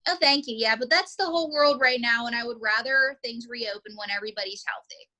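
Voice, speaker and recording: Ventriloquist woman, higher bright voice, upbeat coaching, quick asides. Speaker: ventriloquist teacher.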